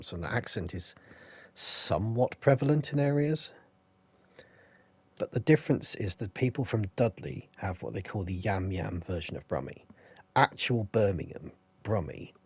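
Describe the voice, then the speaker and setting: Husky-voiced streamer, rambling. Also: male voice, lowish voice, a little mellow, no echo. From England. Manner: rambling, chatty asides. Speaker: game streamer. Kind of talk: casual gameplay commentary.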